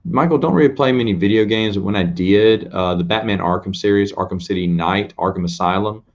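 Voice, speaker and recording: A fairly low-voiced man chats casually on a late-night stream, rambling and poking fun at himself. His voice comes through a dull, lo-fi recording. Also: fairly quick, gravelly. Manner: rambling, self-deprecating, laughs often. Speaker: host answering viewers' questions.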